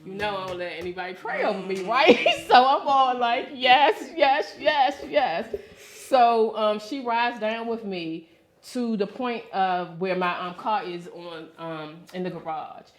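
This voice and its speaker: Woman, talk show co-host, casual storytelling, expressive, acts out quotes, mid pitch, roomy studio. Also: normal speed. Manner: expressive, animated retelling with acted-out quotes.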